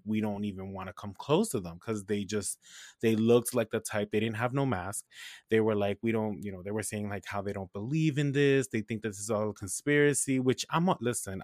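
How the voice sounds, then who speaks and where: Low-voiced man telling a profane story. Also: no echo, clean studio sound. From New Hampshire, USA. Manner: animated storytelling, profane, laughs often. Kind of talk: casual chat.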